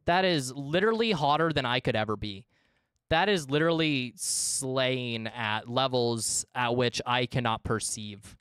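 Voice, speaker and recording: A young man chatting casually to his viewers while playing a game on a livestream, animated and quick to swear. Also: medium pitch, clean tone, dry recording, clean studio sound. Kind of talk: casual gaming stream chat.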